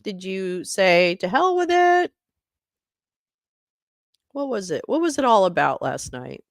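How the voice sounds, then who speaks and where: Slow, lively-voiced woman hosting a livestream. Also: mid-range voice, no room sound, studio quality. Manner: scattered, swearing and laughing as she fumbles. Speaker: livestream host. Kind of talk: casual livestream chat.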